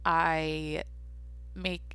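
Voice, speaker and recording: A young woman chats alone on her podcast, drifting from thought to thought and tossing in casual swears. Her voice sits a little low for a woman. The recording is close and dry, with no room sound. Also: level tone, extremely slow, a bit bright, clean tone, dry recording. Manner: rambling, swears casually, talks to herself. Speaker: podcast host. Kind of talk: casual solo podcast chat.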